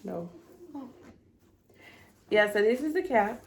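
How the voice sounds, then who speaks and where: A woman's voice: mid-range voice, expressive, takes it slowly, a little hiss or hum. A young woman, talking straight to her viewers in a chatty, emotional home vlog. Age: young adult. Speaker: vlogger. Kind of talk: casual vlog unboxing.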